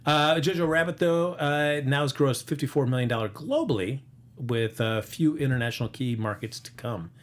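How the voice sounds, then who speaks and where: A man hosts a casual chat about box office numbers, rambling through the figures with lots of filler words and jokes. His voice sits at a medium pitch and moves at a moderate pace.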